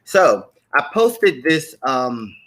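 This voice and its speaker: A man's voice: medium pitch, sing-song, extremely slow, fairly bright tone. A man hosting a live stream show, chatting casually, greeting viewers by name and repeating his welcomes.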